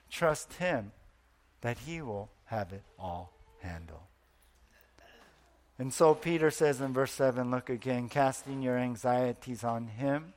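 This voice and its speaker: A man preaching a sermon in an earnest way, stretching out key words and often repeating himself. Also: mid-range voice.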